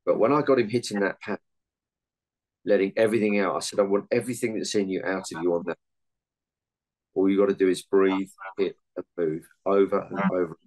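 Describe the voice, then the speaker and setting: Deep-voiced man explaining earnestly. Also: steady tone, a little fast, darkish tone, low-quality recording. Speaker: meditation and martial arts coach. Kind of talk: interview answers.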